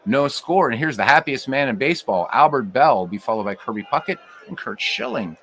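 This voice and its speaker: Lively man calling simulated baseball. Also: mid-range voice, fairly quick, a little hiss or hum. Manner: lively, rising to shouts on big plays, wry asides. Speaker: play-by-play host of a baseball game stream. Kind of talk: solo play-by-play commentary with live chat.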